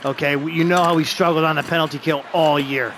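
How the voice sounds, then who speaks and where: A man giving excited play-by-play of a hockey video game he is playing, openly rooting for his team. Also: fairly high pitch, fast talker, a little hiss or hum.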